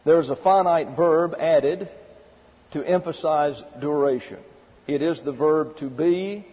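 A slightly high male voice with a breathy edge, speaking at an unhurried pace. He's a preacher delivering a methodical sermon that works through Bible teaching point by point, laying out numbered subpoints and pressing emphatic rhetorical questions. The sound is muffled, with a long hall reverb.

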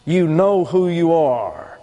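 Emphatic preacher in a reverberant hall. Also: male voice, fairly high pitch, sing-song, takes it slowly, warm tone. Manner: emphatic, repetitive teaching with folksy trail imagery. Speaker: pastor. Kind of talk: doctrinal sermon.

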